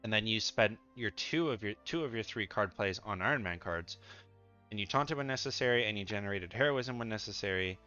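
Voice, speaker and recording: Sleepy and yawning, a male gaming creator rambles through casual tier-list commentary with fillers and false starts. His fairly quick, lowish voice is pushed, bright, clear and resonant, while the audio is dull with faint music behind.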